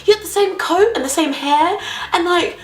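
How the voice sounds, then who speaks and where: A woman's voice: very high-pitched, normal speed, reverberant, voice pushed up. A woman voicing an insistent man in a shared car, talking in a pushy, certain way.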